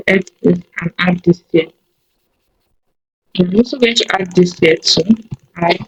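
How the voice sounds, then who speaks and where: A woman walks through a coding lesson at an unhurried, halting pace, often pausing to think aloud and correct herself. Her pitch sits in a middle register. Faint background hiss and keyboard clicks run under her voice. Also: highs cut off. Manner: slow, thinking aloud with many fillers. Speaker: coding tutor. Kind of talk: screen-recorded coding tutorial.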